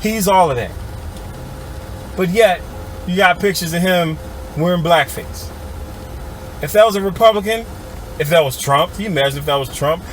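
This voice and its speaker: A man with a fairly high voice delivers a sarcastic, heated commentary, talking straight to his audience. A faint hiss sits under the recording. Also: moderate pace, pauses often. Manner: heated, sarcastic, addresses viewers as y'all. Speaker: political commentator. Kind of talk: ranting video commentary.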